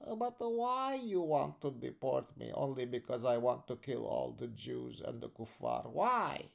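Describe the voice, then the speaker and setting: A man's voice: medium pitch, animated, a little slow, vocal fry, pitched above the performer's own voice. A man putting on a mocking caricature of an accented man facing deportation, in a whiny, incredulous sing-song. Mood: whiny indignant. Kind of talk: sarcastic parody voice in a podcast rant.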